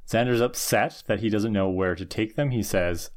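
A man's voice: medium pitch, lively intonation, normal speed. Male podcast co-host, mid-range voice, earnest plot narrator with an indignant streak. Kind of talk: casual TV recap chat.

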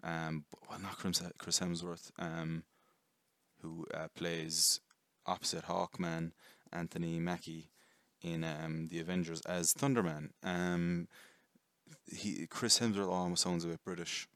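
Young guy ranting about a movie, deep monotone voice, dry close sound. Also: unhurried, no room sound. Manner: rambling, self-correcting, swearing, jokey. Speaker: vlogger, film reviewer. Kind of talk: casual film review.

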